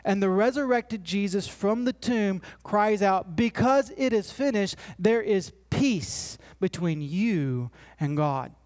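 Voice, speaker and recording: A male pastor delivering a sermon at an unhurried, measured pace. His voice sits somewhat high for a man, and he swells on key lines before dropping to a hushed close. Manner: preaching with swells and hushes, slow deliberate delivery.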